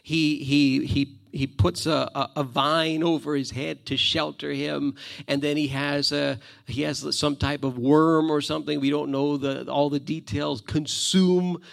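Male preacher with a gravelly voice and a fairly high pitch, slow and emphatic in his sermon. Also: little pitch movement. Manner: emphatic, repeats phrases for stress.

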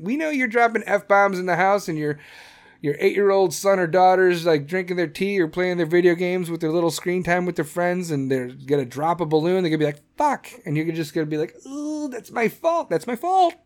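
A man hosting a podcast, ranting bluntly with lots of cursing and mocking voices. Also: high voice. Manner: blunt, aggressive and profane, mocking put-on voices. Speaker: podcast host. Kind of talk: opinion podcast rant.

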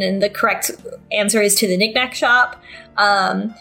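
Woman, podcast co-host; high, crisp tone; loose, filler-heavy, giggly plot recap. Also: moderate pace, pushed and bright, soft background music. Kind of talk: casual chat recapping a visual novel.

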